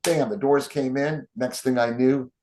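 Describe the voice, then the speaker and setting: A man's voice: mid-range voice, unhurried. A man telling stories as an interview guest, acting out the quotes of the people in them. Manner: animated storyteller, acts out quotes. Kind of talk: storytelling interview.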